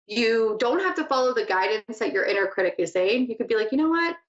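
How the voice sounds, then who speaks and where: A woman's voice: on the high side, brisk. Chatty woman hosting a spiritual talk show. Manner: chatty, laughs easily, wanders off topic. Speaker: psychic radio host. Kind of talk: casual spiritual teaching talk. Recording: echoey lo-fi room sound.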